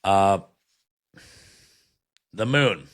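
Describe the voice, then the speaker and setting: Blunt, sarcastic man with a lowish voice. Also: expressive, very slow, a bit bright. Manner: sarcastic, blunt, with frequent fillers. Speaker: podcast host. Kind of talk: critical commentary reading card meanings aloud.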